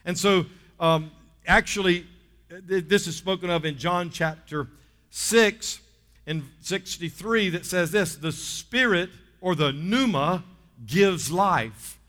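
This Southern US pastor preaches slowly in a high-pitched, somewhat bright voice. Emphatic, he stretches important words and calls for responses from the congregation. The sound reverberates like a hall.

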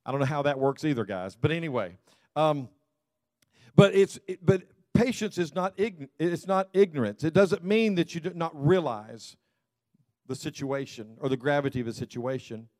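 A man's voice: fairly high pitch, lively intonation, moderate pace, darkish tone, dry recording, studio quality. A man from the American South, preaching a conversational sermon as a pastor, repeating key phrases and adding light humor for the congregation.

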